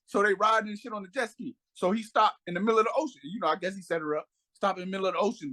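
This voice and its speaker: High-pitched and quick, a male podcast co-host chats casually and acts out the people in his stories with raised voices. His storytelling is lively and animated.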